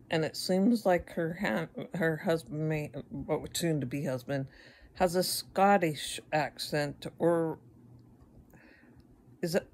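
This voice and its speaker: Slow, stammering middle-aged woman vlogger. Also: sits low. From United States. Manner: rambling, stammering restarts, wry. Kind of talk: casual chat to camera.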